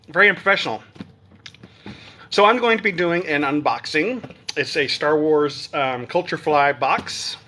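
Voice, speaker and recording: A man hosts a casual live stream, unboxing a collectible box and chatting his way through each item. His voice sits a touch high with a bright, forceful edge. He sounds upbeat and talks off the cuff, with plenty of fillers. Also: slow pace, pauses often, a little hiss or hum.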